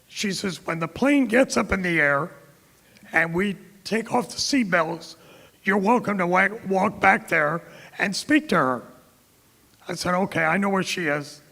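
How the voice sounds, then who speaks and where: A middle-aged man from Florida tells stories from a podium in a slow, measured way. His fairly high voice has a gravelly edge. The sound rings with the long echo of a big hall. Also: pushed and bright. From Tampa, Florida. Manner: anecdotal, quotes others in dialogue. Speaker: keynote speaker. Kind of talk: storytelling speech. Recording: reverberant hall.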